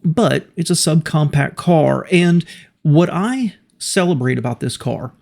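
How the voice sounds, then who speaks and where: A man with a gravelly edge and a pitch a bit above the usual talks through a car review in an easy, unscripted way. He thinks out loud, offering his opinions as a friendly reaction-video host. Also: animated, measured pace. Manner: chatty, opinionated, thinks aloud. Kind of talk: casual reaction commentary.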